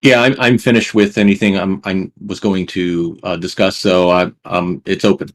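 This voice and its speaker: Low-voiced man speaking haltingly. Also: level tone. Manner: halting, hesitant with many fillers. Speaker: discussion panelist. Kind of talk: casual group discussion.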